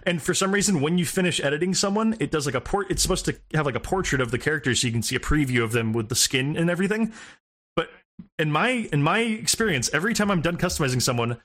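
A man's voice: fairly high pitch, expressive, fast talker, fairly bright tone. A man co-hosting a casual gaming podcast, rambling, swearing and laughing as he talks. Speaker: podcast co-host.

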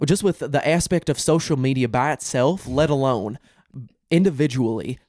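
A young man hosting a casual podcast chat, playful and jokey with quick asides. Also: medium pitch, a little mellow, no echo, studio quality. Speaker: podcast host.

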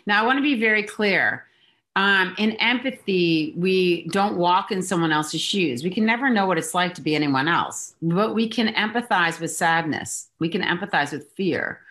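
In a conversational interview, a woman who works as an executive coach talks with a mid-range, slightly bright voice. She stresses her points with emphasis and plays out little examples.

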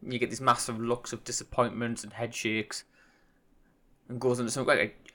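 A man's voice: medium pitch, flat delivery, a little fast, fairly bright tone. Rambling self-deprecating podcaster man. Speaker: podcast host. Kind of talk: casual solo podcast monologue.

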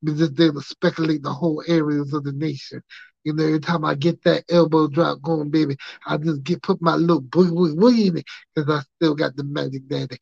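A man's voice: fairly high pitch, fairly even intonation, a little fast, vocal fry, a little mellow, dry recording, lo-fi sound. A man doing a lisping, drawling wrestling legend. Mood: boastful. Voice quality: lisp. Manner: drawling "baby" at phrase ends. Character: folksy male wrestling talker, smooth-boasting.

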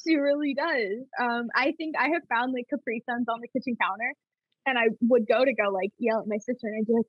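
Giggly, husky young woman telling stories. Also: fairly high pitch, quick pace, no room sound. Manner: giggly, animated storytelling. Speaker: podcast guest. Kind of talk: casual chat. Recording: dull lo-fi sound.

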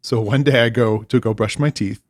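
A man's voice: medium pitch, steady tone, moderate pace, no echo, clean studio sound. A man co-hosting a podcast, telling a story in casual chat with lots of swearing and exasperation. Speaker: podcast co-host.

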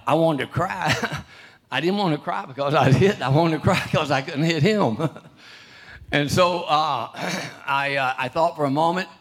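An older man preaches, telling a story from his own life in a halting, restarting way and clearing his throat often. His voice sits at a middle pitch. When he reads scripture it rises and grows louder. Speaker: pastor. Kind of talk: sermon.

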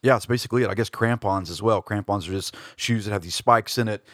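A man's voice: lowish voice, quick pace, no room sound, clean studio sound. A man hosting a faith and culture podcast, talking in a casual, reflective way with frequent fillers and restarts. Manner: hesitant, many fillers and restarts. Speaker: podcast host.

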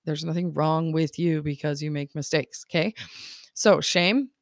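A woman's voice: deep voice, unhurried, no room sound, studio quality. A woman life coach hosting her podcast in a casual, upbeat monologue, laughing often as she acts out people's thoughts.

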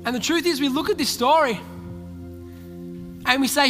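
Soft background music and lengthy hall reverb surround an Australian pastor delivering a sermon in a large church. His voice is extremely high, his pace moderate with long pauses, as he narrates a story and performs the characters' lines.

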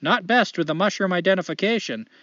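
A folksy, upbeat drifter woman with a light Canadian lilt, as a man puts her on while reading a letter. The voice sits higher than his usual talk and is bright with cheer. The audio is a touch muffled. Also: lively intonation, a little fast, no room sound. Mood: cheery. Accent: light put-on Canadian. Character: adventurous female drifter writing in, folksy and upbeat.

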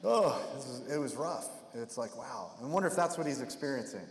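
A man's voice: mid-range voice, expressive, fairly quick. A male pastor preaching in a conversational way, slipping into the voices of the people he describes. His voice rings through a big hall with a long reverb tail. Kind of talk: expository sermon.

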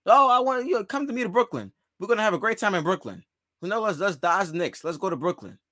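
A man's voice: high-pitched, lively intonation, fast, pushed and bright, no echo, clean studio sound, voice pushed up. A man doing a mocking impression of a whiny, self-centered male star athlete in a podcast. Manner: mocking, singsong, pleading.

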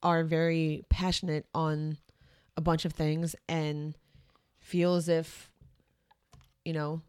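A woman's voice: low voice, slow, clear, resonant tone, dry recording, studio quality. Giggly woman in her thirties. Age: 30s. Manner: giggly, excitable, acts out quotes. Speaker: podcast co-host. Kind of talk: casual chat.

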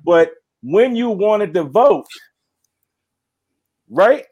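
A man with a slightly higher-than-average voice co-hosts a podcast. He makes a long, earnest political argument in a conversational way. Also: big pitch swings, drawn-out words, a little mellow, highs cut off. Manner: agreeing interjections, then earnest argument. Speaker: podcast co-host. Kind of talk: political commentary.

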